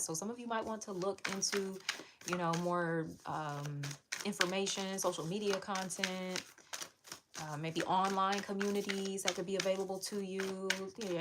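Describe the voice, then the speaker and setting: Candid, chatty woman tarot reader, swearing freely. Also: on the low side. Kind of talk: casual livestream tarot reading. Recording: audible background noise.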